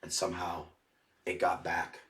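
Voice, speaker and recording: Low-voiced man, podcast guest, rambling storyteller, swears constantly, roomy echo. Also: completely flat delivery, moderate pace, fairly bright tone, distant mic, slight background noise. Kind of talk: casual storytelling. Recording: echoey room, off-mic.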